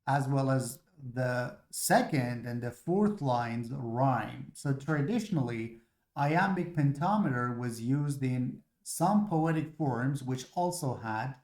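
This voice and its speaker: A man lecturing on poetry, explaining patiently step by step with frequent fillers. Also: mid-range voice. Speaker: literature lecturer. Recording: echoey room.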